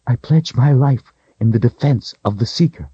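A guarded young woman from a storybook, solemn and measured, quiet and earnest in tone , voiced by a man. The read is dry and close on a slightly muffled recording. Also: mid-range voice, breathy edge, dry recording, voice pushed up.

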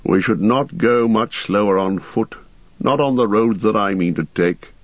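A man voicing a grim, watchful ranger who speaks low, calm and measured, on a dull lo-fi recording. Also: dry recording. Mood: thoughtful.

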